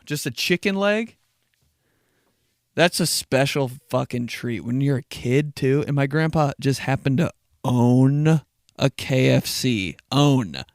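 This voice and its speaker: A man's voice: on the high side, a bit bright, smooth, dry recording, clean studio sound. A man hosting a casual solo podcast, telling stories in a laid-back, profane way with frequent laughs. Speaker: podcast host.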